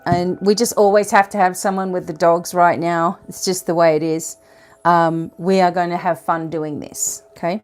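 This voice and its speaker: A woman's voice: fairly low pitch, little pitch movement, normal speed, darkish tone. A woman giving a casual oracle card reading to her viewers, chatting, laughing at her own slips and reading card text aloud.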